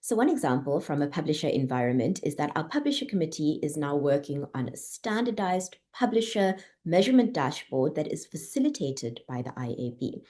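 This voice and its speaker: Panelist: woman with a deep, warm voice, articulate and explanatory on a call. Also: big pitch swings, fairly quick, few pauses. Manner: articulate, explanatory, asks rhetorical questions. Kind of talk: panel discussion.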